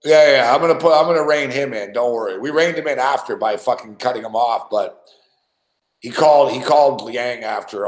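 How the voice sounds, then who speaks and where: A man's voice: medium pitch, a little fast. Male radio host, casual and profane, roomy studio sound. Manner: profane, storytelling, laughs often. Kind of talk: casual chat.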